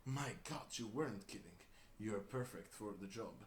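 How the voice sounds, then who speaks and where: A man's voice: fairly low pitch, expressive, moderate pace, natural voice. A man voicing a domineering woman boss who barks orders in a commanding manner. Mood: bossy. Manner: bossy, commanding. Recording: roomy room with faint hiss.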